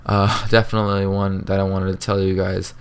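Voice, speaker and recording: A man's voice: deep voice, completely flat delivery, fairly quick, clean tone. Laid-back teen guy telling a story. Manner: laid-back, rambling, swears freely, many fillers. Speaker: vlogger. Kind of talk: casual storytime monologue.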